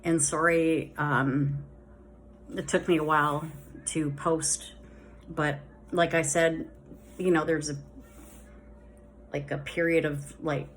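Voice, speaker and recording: A woman's voice: low voice, little pitch movement, takes it slowly, pauses often, a little hiss or hum. A woman vlogging casually about her dental recovery, rambling with many fillers and a slight lisp on her S sounds while wearing new dentures. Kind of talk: casual chat.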